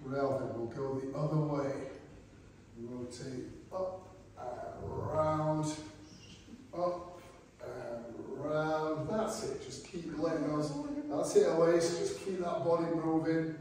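A man's voice: a little high, steady tone, takes it slowly, a little mellow, slight background noise. A man leading a group stretch class in a community centre hall, cheerfully joking as he calls out exercise cues. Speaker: exercise instructor. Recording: very echoey hall, from far off.

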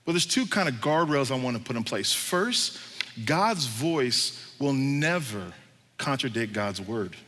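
A man's voice: a little high, a bit bright. A man pastor preaching a sermon in a casual, joking way with slang. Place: church hall. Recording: reverberant church hall.

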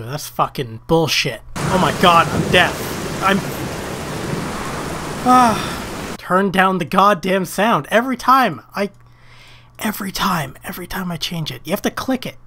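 A man's voice: on the high side, fairly bright tone, a little hiss or hum. A man doing let's play commentary, frustrated and swearing at the game. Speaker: gaming video host.

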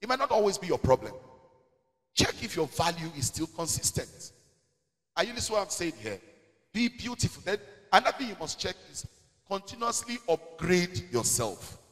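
Nigerian male pastor, high and very expressive delivery, emphatic preaching, long hall reverb. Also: moderate pace. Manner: animated, emphatic, slipping into Pidgin asides. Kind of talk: preaching in a church Q&A. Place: church hall.

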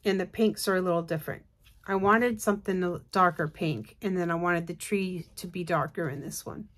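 A woman hosts a craft video in a relaxed, rambling way, full of fillers and little restarts. She sounds tired and keeps yawning as she chats to her viewers. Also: on the low side, brisk. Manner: chatty, rambling, with many fillers. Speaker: craft channel host. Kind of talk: casual show-and-tell chat.

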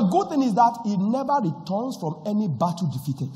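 Pastor preaching in a reverberant hall. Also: male voice, high-pitched, very animated, normal speed, few pauses, very noisy. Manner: swings from quiet storytelling to shouted decrees. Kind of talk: sermon with personal story. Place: church.

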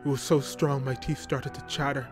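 Music underscores a man's first-person horror narration from start to finish. He reads at a moderate pace in an average male pitch, his voice level and nearly unchanging.

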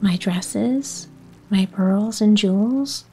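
A woman voicing a spoiled young princess in a whispered role-play bedtime story, speaking in a soft whisper. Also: medium pitch, drawn-out words, faint music behind. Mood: pleading.

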